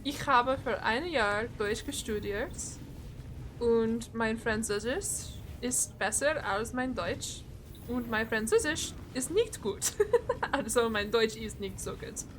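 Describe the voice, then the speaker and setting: Brief: young woman streamer, fairly high voice, unhurried, laughs a lot, self-deprecating, reads chat aloud. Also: lively intonation, fairly bright tone, a little hiss or hum. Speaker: game streamer. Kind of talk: casual live-stream chat while gaming.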